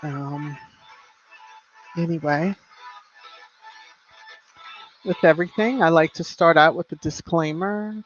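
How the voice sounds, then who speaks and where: A woman's voice: low voice, slow, long pauses. A woman hosting a casual live stream, chatting with viewers and greeting them by name in a sing-song way. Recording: slightly muffled, soft background music.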